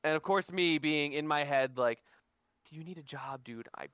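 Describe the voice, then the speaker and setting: Guy co-hosting a podcast, kinda high voice, dry mic, swears a lot while telling stories. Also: normal speed, clear, resonant tone, no room sound. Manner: animated storyteller, swears freely. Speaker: podcast co-host. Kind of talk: casual chat.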